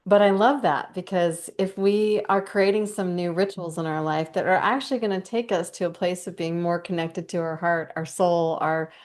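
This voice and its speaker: A middle-aged woman, a podcast guest, talks about commitment with animated enthusiasm and speeds up when she gets excited. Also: lowish voice, normal speed, few pauses. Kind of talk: conversational podcast talk.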